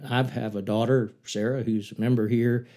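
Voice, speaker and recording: An older man with a warm, mellow voice, sharing memories of his ministry. He retells scripture as a lively story and builds up force at the dramatic turns. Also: moderate pace. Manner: earnest, rising in pitch and force as he retells the story. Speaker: former missionary preacher. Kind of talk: reflective talk and Bible storytelling.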